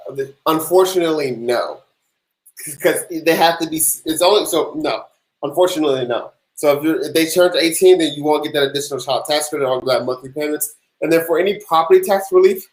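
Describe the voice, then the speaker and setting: A young man, hosting a casual tax Q&A livestream, laid-back and sleepy, chatting with viewers between answers. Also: on the high side. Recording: echoey room.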